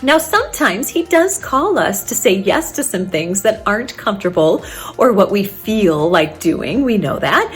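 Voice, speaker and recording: Woman in her thirties, therapist vlog, earnest and encouraging, medium pitch, faint music underneath. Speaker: family therapist and vlogger. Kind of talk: faith-based advice vlog.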